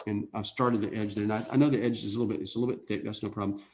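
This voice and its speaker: A man teaching an airbrush painting lesson in a relaxed way, thinking out loud and often checking in with "okay?". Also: on the low side, racing. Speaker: art instructor. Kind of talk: casual painting demonstration.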